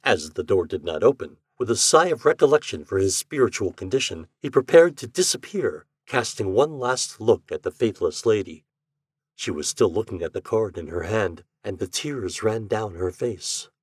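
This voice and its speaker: A man reading a story aloud as a guest, with a measured, expressive narration. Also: on the low side, slightly rough, dry recording, clean studio sound. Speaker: guest reader.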